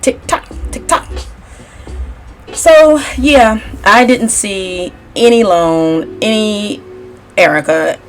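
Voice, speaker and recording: A woman's voice: medium pitch, takes it slowly, faint music behind. A woman giving a casual, sassy gossip recap as a tarot reader, chatty and opinionated. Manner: chatty and sassy, mimics cast members in a raised voice.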